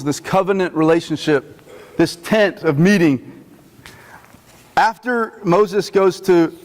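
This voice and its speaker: A man preaching a sermon in a chapel in a conversational, animated teaching manner. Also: high voice. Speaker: chaplain. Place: army post chapel. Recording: long reverb of a chapel.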